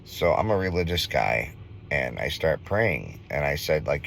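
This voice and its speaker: A man in his thirties from Minnesota, earnestly telling a ghost story in a casual vlog, halting with fillers. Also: extremely low pitch, very animated, vocal fry, fairly bright tone, a little hiss or hum. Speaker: vlogger.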